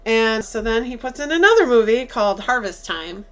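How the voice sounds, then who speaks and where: A woman's voice: fairly high pitch, moderate pace. A woman co-hosting a podcast, casually retelling a movie scene by scene and acting out quoted lines. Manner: animated, acts out quoted lines with laughs. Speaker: podcast co-host.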